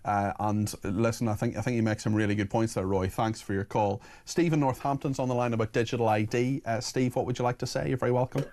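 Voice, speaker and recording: Earnest Northern Irish radio host. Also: male voice, medium pitch, fairly even intonation, quick pace, hardly any pauses, darkish tone. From Northern Ireland. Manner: earnest, apologetic, reads listener messages aloud. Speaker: radio talk show host. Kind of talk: phone-in talk radio.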